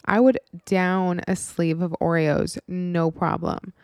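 A woman's voice: on the low side, fairly even intonation, takes it slowly, darkish tone, no room sound, studio quality. A woman in her twenties telling a personal story in a candid, frank, casual way, with some swearing and many "like" fillers.

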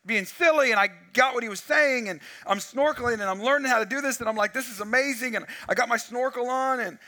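Speaking very high-pitched and at a quick pace, a pastor delivers a sermon through animated storytelling. Wearing a wireless mic, he acts out much of the dialogue himself.

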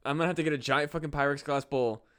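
A male podcast co-host who talks fast in a smooth, clear voice. He is enthusiastic and swears constantly in casual chat. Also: on the high side, steady tone, fairly bright tone.

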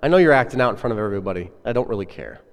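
A man voicing a loving father who pleads softly and gently with his son. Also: lowish voice, lively intonation, very fast, voice pushed down. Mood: pleading, tender. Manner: soft, pleading. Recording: echoey hall with long reverb.

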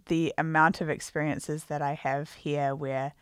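A woman's voice: deep voice, little pitch movement, measured pace, clear, resonant tone, no room sound, studio quality. A woman with a non-American English accent talking reflectively in a casual chat. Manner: reflective, laughs often. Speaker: podcast co-host.

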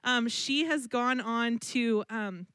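Lady doing church announcements, kinda high pitched, dry mic, heartfelt. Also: slow, clear, resonant tone, no room sound. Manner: warm, earnest and affectionate. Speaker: church leader introducing the guest.

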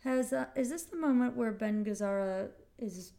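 A woman's voice: a little high, normal speed, gravelly, dark tone. A woman co-hosting a podcast in casual chat, chiming in with short agreements and filling in details. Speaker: podcast co-host.

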